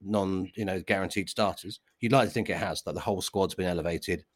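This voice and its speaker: Low-voiced man chatting about football. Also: brisk, no echo, clean studio sound. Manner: hesitant restarts, chatty. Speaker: podcast co-host. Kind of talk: casual football podcast chat.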